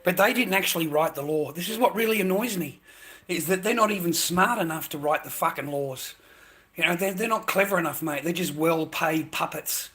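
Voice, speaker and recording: A man's voice: on the high side, fairly quick, sharp tone, slightly rough, low-quality recording. An Australian man ranting bluntly in casual talk to his viewers, repeating himself and calling them "mate". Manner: blunt, repetitive, ends phrases with "mate". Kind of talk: casual rant to camera.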